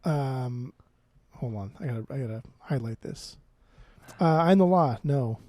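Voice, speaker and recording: A man co-hosting a podcast, arguing his music picks in a casual, animated, opinionated way with frequent swearing. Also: medium pitch, a little slow, dry recording. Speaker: podcast co-host. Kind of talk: casual chat about music.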